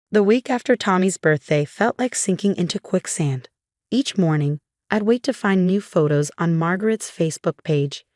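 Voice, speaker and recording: Low-voiced woman narrating dramatically. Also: dry recording, clean studio sound. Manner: emotional, dramatic delivery. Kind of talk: dramatic first-person story narration.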